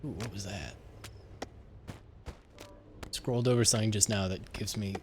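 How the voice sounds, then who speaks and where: A man's voice: on the low side, fairly even intonation, moderate pace, noisy background. A man in his twenties chatting casually and joking with viewers while he plays a game live. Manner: rambling, jokey, talks to chat while playing. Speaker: streamer.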